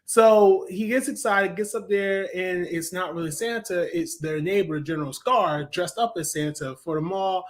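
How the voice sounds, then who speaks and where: Young adult man, slightly high voice, casual review vlog, enthusiastic, chatty, lots of fillers and restarts. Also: normal speed, few pauses. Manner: chatty and enthusiastic, with frequent fillers and self-corrections. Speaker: cartoon reviewer.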